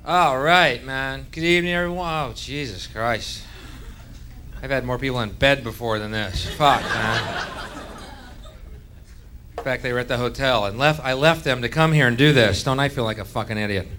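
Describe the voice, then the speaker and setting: A man in his thirties performing stand-up on a club stage with a handheld mic. He rants sardonically and profanely, dropping low and muttering, then flaring into sudden shouts. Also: moderate pace, soft background music. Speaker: stand-up comedian. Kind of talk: stand-up comedy set.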